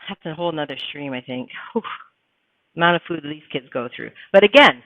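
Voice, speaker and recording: A woman's voice: sits low, expressive, brisk, a bit bright, no room sound. A woman hosting a casual live-stream chat, talking bluntly and emphatically with plenty of swearing. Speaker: livestream host. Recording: tinny phone-like sound, dry.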